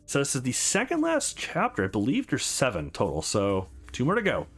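A man's voice: mid-range voice, wildly swooping pitch, a little fast, a bit bright. A man hosting a let's play, casual and rambling with fillers as he plays. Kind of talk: casual gameplay commentary.

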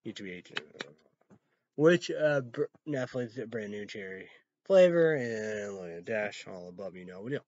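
A man on his own channel, rambling and swearing, swinging from loud outbursts to low mumbles. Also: animated, moderate pace, no echo. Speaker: vlogger. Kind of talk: rambling solo rant. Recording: dull, muffled lo-fi sound.

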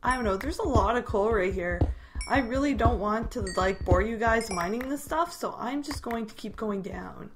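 A woman's voice: on the high side, normal speed, over music. A young woman chatting casually over her gameplay, easily startled and poking fun at herself. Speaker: gamer. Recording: noisy home recording.

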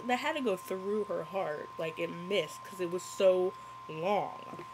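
A woman's voice: fairly low pitch, takes it slowly, background noise. A young woman giving a casual running commentary on a movie, giggly and sarcastic.

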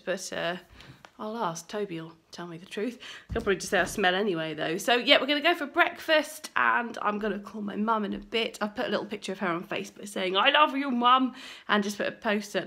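A woman's voice: medium pitch, animated, a little fast, creaky, bright, forceful tone. A woman chatting casually to camera in a vlog, rambling and laughing now and then. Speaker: vlogger. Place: home, then walking outdoors and a busy cafe.

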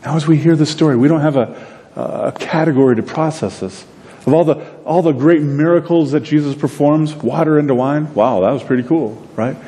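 A man preaching a sermon in a conversational storytelling manner, acting out bits of dialogue. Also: dark tone. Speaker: pastor. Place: church sanctuary. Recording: long reverb with faint rumble noise.

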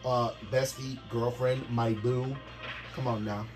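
Over music, a middle-aged father hosts a family video game tournament, trading boastful, teasing banter and casual trash-talk over the gameplay. His mid-range voice is flat and he speaks slowly.

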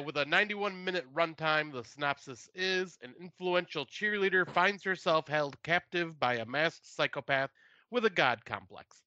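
A man's voice: a little high, bright, forceful tone, no echo, highs cut off. A man co-hosting a podcast, giving casual movie reviews with dry, self-mocking humor. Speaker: podcast co-host.

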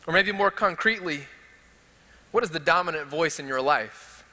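A male pastor with a Texan accent preaches with passion, stacking one rhetorical question on another. His voice sits high and rings bright. The church hall around him carries a long reverb. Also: normal speed. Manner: impassioned, building rhetorical questions. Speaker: teaching pastor. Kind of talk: sermon. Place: church sanctuary.

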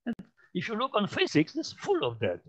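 Man, polish accent, high-pitched, informal math lecture, halting and repetitive, dull lo-fi recording. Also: wildly swooping pitch. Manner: halting, many fillers and restarts, repeats phrases. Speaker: mathematics lecturer. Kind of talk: informal lecture demonstrating on a computer. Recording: dull lo-fi sound.

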